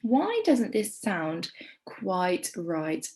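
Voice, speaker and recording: An English woman teaching a primary school lesson, with encouraging, clear teacher talk. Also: lowish voice, big pitch swings, extremely slow, a little mellow, a little hiss or hum, rough recording. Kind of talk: recorded remote lesson.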